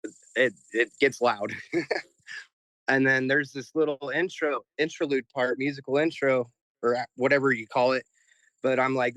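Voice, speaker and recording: A man's voice: medium pitch, fairly even intonation, moderate pace, fairly bright tone, no echo, low-quality recording. A man who is a guest musician, talking in a heartfelt, emotional way in a casual interview, often repeating words.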